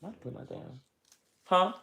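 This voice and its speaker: A woman's voice: unhurried, fairly bright tone. A woman vlogging from home, a small business owner venting in a blunt, profane, rambling way. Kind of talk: casual venting vlog.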